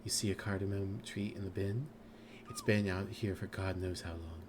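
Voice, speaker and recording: A man doing a gruff, scolding inner voice. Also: low voice, moderate pace, background noise, close to an everyday voice.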